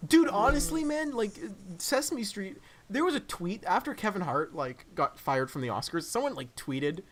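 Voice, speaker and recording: Animated young man in casual chat. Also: sits high, moderate pace. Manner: animated, says "dude" a lot, acts out silly voices. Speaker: podcast co-host.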